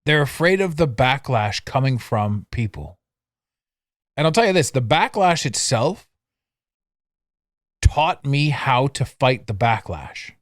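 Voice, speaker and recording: A middle-aged man hosting a solo podcast, chatting casually and mocking himself, with sudden loud bursts and low asides. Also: takes it slowly, pauses often, no room sound, studio quality. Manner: animated, swings between loud outbursts and low asides; self-mocking, laughs at himself. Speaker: podcast host. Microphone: studio mic, audio only.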